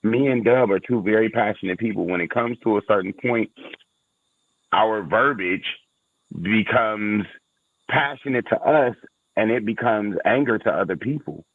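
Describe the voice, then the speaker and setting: A man's voice: lowish voice, normal speed, dry recording. A man co-hosting a casual relationship podcast, emphatic and blunt as he builds to a punchline. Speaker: podcast co-host. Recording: tinny phone-line audio.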